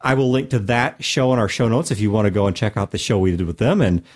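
A man's voice: on the low side, quick pace. A man hosting a casual podcast, joking and laughing easily with his guests. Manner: jokey, animated, laughs often. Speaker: podcast host.

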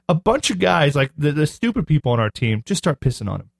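A man co-hosting a podcast, chatting casually and acting out quotes loudly as he tells stories. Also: on the high side, quick pace, creaky, very noisy. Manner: animated storyteller, acts out quotes loudly. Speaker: podcast co-host. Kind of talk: casual banter.

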